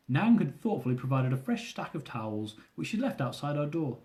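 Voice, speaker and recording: A man's voice: on the high side, big pitch swings, a little fast, hardly any pauses, darkish tone. A young man reading aloud from his own travel memoir, with dry, self-mocking humour.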